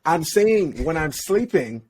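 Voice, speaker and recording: Animated young man telling a story. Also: on the high side, takes it slowly, a little hiss or hum. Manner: animated, slangy, laughs often, restarts sentences. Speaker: podcast guest, relationship coach. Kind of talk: casual storytelling chat.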